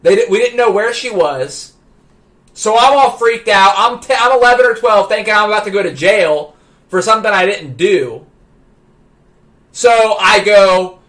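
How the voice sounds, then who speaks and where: High, bright-voiced male streamer. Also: moderate pace. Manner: excitable, stammering restarts, builds to shouting. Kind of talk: animated anecdote telling.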